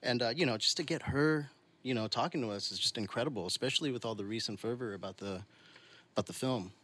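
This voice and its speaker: A male podcast host with a middle-pitched, everyday voice talks easily with his co-hosts and greets a guest. He is affable and agreeable, and he backs up the others with frequent short assents. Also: fast, bright, forceful tone. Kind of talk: podcast chat and phone interview.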